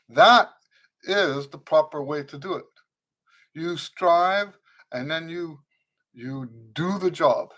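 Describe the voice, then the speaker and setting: A man with a higher-than-usual voice hosts a live trumpet Q&A stream. He talks in a loose, earnest way, circling back and repeating phrases to press a point. Between points he greets viewers by name and reads their comments aloud. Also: takes it slowly, pauses often, fairly bright tone. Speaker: trumpet teacher hosting a live Q&A. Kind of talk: unscripted live-stream teaching.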